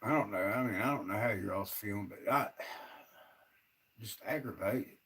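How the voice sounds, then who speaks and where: A man's voice: lowish voice, moderate pace, a bit bright, recorded from a distance, a little hiss or hum. A man, ranting to his viewers on a casual livestream, sounding frustrated and fed up. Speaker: livestream host.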